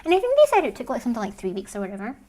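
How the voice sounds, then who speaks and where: A woman's voice: on the high side, wildly swooping pitch, rapid-fire, mellow. A woman hosting a video, casually retelling a story in a chatty way, full of "like" and swearing. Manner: chatty, swears often, says "like" a lot. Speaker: video host.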